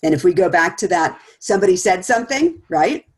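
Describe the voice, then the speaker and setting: A woman's voice: lowish voice, lively intonation, brisk. Middle-aged lady chatting through a talk, laughs a lot, acts out the quotes. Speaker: speaker series presenter. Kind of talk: casual conversational talk.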